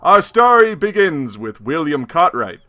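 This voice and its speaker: A man's voice: on the high side, big pitch swings, unhurried, sharp tone, a little hiss or hum. A man narrating a tabletop horror game as game master, telling the scene like a story. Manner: storytelling, with chuckles.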